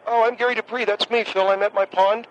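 A man doing a high, compulsive repeating caller. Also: fast talker, muffled recording, slight background noise, lightly acted. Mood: droning. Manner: monotone, endlessly repeating the same catchphrase. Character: awkward obsessive male caller who compulsively repeats his name. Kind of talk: comedic radio call-in sketch.

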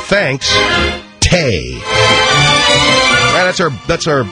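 A man's voice: wildly swooping pitch, very slow, long pauses, over loud music. A man hosting a radio show, reading listener mail aloud with sarcastic asides. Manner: wisecracking, sarcastic, drifts between pitches while reading letters.

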